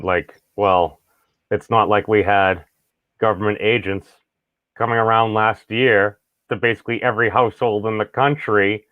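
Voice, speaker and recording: A man's voice: lowish voice, no room sound. A man co-hosting a casual podcast, wry and often stammering on restarts. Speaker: podcast co-host. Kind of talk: casual political banter. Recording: dry, phone-like line.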